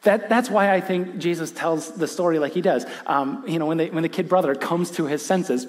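A man preaching a sermon, animated in his storytelling, who acts out quoted lines and drops to a hushed intensity. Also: high-pitched, normal speed, long reverb tail. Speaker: pastor.

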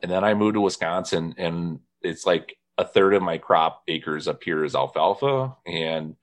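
A man with a very low voice hosts a relaxed conversation. He spins stories, breaks into laughter, and mimics the people he quotes. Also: moderate pace. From northern Indiana. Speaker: podcast host. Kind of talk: casual chat.

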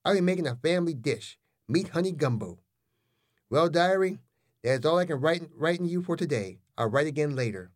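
Animated man narrating comic stories. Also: on the high side, moderate pace. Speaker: host and narrator. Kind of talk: comic storytelling.

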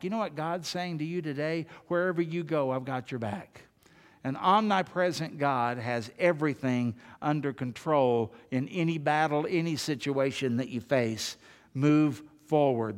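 Emphatic preacher man in a reverberant hall. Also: a little high. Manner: emphatic, rhetorical questions and repetition. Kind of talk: sermon.

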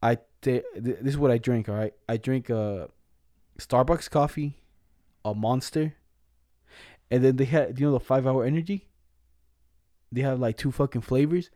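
A man's voice: mid-range voice, moderate pace, long pauses, mellow, no room sound, clean studio sound. A young man telling a story in casual chat, slangy and profane, laughing as he goes.

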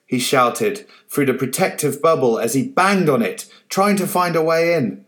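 A man reading his own short story aloud in a soft, low-key storybook narration. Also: animated, normal speed, few pauses.

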